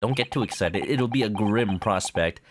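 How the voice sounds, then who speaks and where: A man's voice: fairly low pitch, moderate pace, noisy background, pitched below the performer's own voice, natural voice. A man voicing an earnest young male defense lawyer in a game let's play, polite and slightly nervous.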